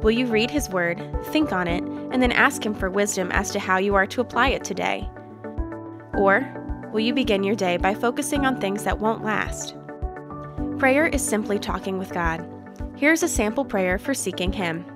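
Woman reading a devotional, slow and even, music clearly playing behind. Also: medium pitch. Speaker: devotional reader. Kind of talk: scripted devotional narration.

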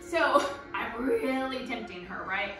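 A chatty woman dog trainer walks through a session step by step, breaking into excited baby talk with the dog. Her voice sits a little high. She is heard from across a very echoey room, with faint music behind. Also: slow, distant mic. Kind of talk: instructional demonstration.

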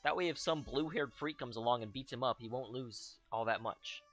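A man's voice: medium pitch, brisk, a bit bright, soft background music. A young man giving casual, joking commentary over his own gameplay, full of sarcastic asides. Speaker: let's play host.

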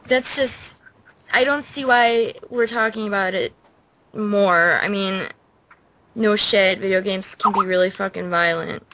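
A woman's voice: medium pitch, measured pace, pushed and bright, a little hiss or hum, low-quality recording. A woman on a casual podcast, ranting bluntly and swearing freely.

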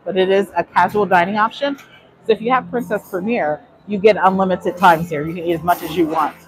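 A woman's voice: on the low side, a little fast, soft background music, low-quality recording. A woman vlogger giving a chatty live walking tour of a cruise ship, answering chat questions, a little out of breath. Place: aboard a cruise ship, indoor decks.

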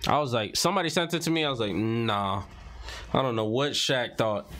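A man's voice: mid-range voice, a little fast, a bit bright. A man casually reading social media posts and captions aloud, muttering and reacting as he scrolls. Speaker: commentary vlogger.

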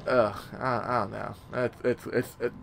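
A young man casually commentating a horror game, rambling with many fillers, swearing, and sometimes yelling. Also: medium pitch, level tone, unhurried, creaky, slight background noise. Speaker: gameplay commentator. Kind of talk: casual let's-play commentary.

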